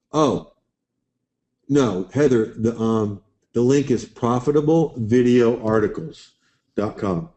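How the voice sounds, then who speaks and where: Folksy low-voiced man hosting a webinar. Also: warm tone. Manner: chatty, answers chat questions by name. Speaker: webinar host. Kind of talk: live webinar Q&A.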